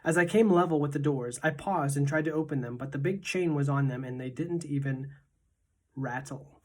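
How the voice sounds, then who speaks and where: Teacher narrator, female, deep-pitched, steady expressive storybook reading. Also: normal speed.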